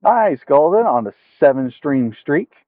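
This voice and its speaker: A man's voice: on the high side, very animated, a little slow, no echo. A man from the United States with a mild Southern accent, streaming outdoors at a park, casually explaining fishing rigs step by step while chatting with viewers over a headset mic. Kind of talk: casual fishing livestream tutorial. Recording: tinny dry phone-like headset audio.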